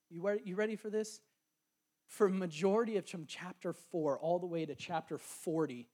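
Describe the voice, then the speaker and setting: A young man preaching a sermon, retelling a story with lively quoted voices. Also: a little high.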